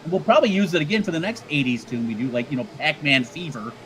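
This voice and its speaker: A man's voice: on the high side, very animated, fast talker, fairly bright tone, rough recording. A man co-hosting a casual livestream chat, rambling and joking with many stammered restarts. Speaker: co-host.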